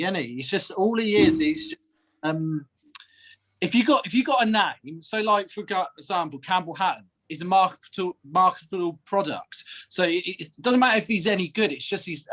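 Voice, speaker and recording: A man's voice: high-pitched, fairly bright tone. A man co-hosting a casual podcast, speaking hesitantly with many fillers and laughing easily. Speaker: co-host.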